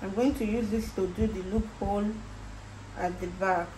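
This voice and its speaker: A Nigerian-accented woman with a warm, medium-pitched voice leads a casual, step-by-step sewing tutorial at a moderate pace, her tone steady. As she works, she patiently goes over each instruction again. There's a roomy echo and faint background noise.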